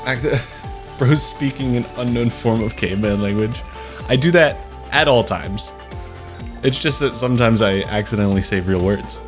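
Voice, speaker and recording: Lively, playful young male streamer. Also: medium pitch. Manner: playful, joking, mock-dramatic. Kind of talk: live game stream commentary. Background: faint game music.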